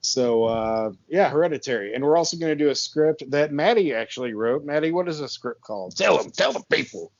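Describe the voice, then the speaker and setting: A man's voice: on the high side, expressive, brisk, few pauses, dry recording, muffled recording. Rambling man hosting a horror podcast. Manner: rambling, laid-back, lots of fillers and laughs. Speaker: podcast host. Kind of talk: casual chat. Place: his barn with the door open and a fan on.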